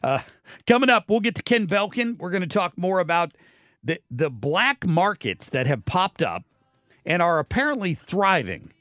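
A man's voice: sits high, big pitch swings, normal speed, fairly bright tone, no room sound, faint music behind. A man hosts an opinionated talk radio show from a dry, close studio mic. He sounds blunt and sardonic and stumbles through fillers and restarts as he comments on the news. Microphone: studio microphone.

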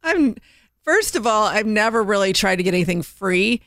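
A woman's voice: mid-range voice, expressive, moderate pace, a bit bright, no echo, clean studio sound. A woman co-hosting a radio show, chatting casually and objecting emphatically.

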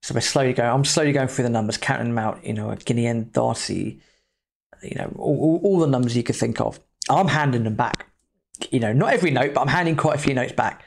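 A man hosting a podcast, talking in an easy, loose way. His voice sits at an ordinary middle pitch, and he tells his story like a casual chat with a friend, dropping in the odd swear word. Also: brisk, vocal fry. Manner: chatty, loose, with mild swearing. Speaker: podcast host.

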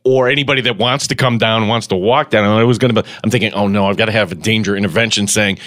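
Low-voiced man, easygoing. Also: steady tone, fast talker, fairly bright tone. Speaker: co-host. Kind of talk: casual sports radio chat.

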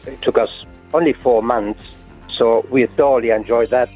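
A man in his seventies from France with a French accent, calling in to a radio show, joking and halting with many fillers. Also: medium pitch, fairly even intonation, darkish tone, faint music behind. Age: 70s. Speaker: caller. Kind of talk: casual phone chat. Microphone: phone. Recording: tinny phone line.

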